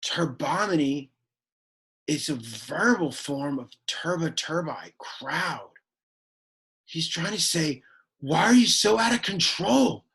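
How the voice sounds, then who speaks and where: A man doing a whiny, gravelly, exasperated teen. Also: fairly high pitch, slow, exaggerated voice. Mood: exasperated deadpan. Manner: deadpan, whiny, easily annoyed. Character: sullen awkward teenage boy, exasperated and bored. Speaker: Latin teacher. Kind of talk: Latin lesson in character.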